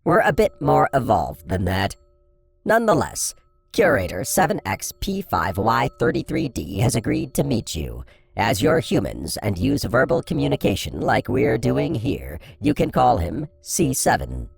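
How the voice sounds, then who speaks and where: Male narrator doing a chatty silver robot for an audiobook, gravelly, husky, swings all over in pitch. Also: very animated, unhurried, soft background music, exaggerated voice. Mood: playful. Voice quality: light digital voice. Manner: light-hearted, playful. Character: friendly sassy silver alien robot, male. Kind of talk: audiobook character voice.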